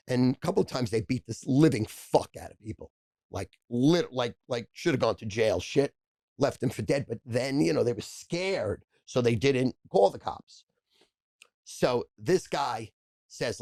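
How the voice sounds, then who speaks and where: A man's voice: medium pitch, lively intonation, darkish tone, no room sound. A man, a podcast guest telling profane, brash stories in casual chat. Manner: brash, profane, rapid storyteller.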